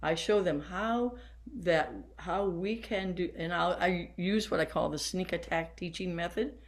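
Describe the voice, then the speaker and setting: A woman's voice: lowish voice, measured pace. Older woman band director, coaching seated, demonstrates as she goes. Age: 70s. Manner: warm, hands-on, guiding listeners through exercises. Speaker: band teacher. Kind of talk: workshop lesson for teachers.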